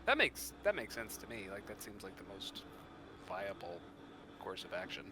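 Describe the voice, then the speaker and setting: A man's voice: low voice, normal speed, background noise. A man playing in a tabletop game, chatting casually and joking with the group. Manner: joking, animated. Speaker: player.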